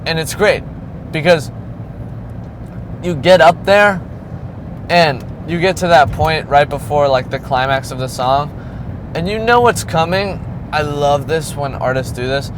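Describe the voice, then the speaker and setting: A man's voice: a little high, unhurried, pauses often. A young man casually reviewing an album, rambling, with many ums and likes, outdoors near a street. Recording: clear street and traffic noise.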